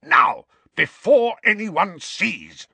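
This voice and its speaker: A man playing a furious, bullying middle-aged uncle who snarls and croaks with rage. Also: mid-range voice, wildly swooping pitch, a little slow, a bit bright, no echo, pitched above the performer's own voice, exaggerated voice.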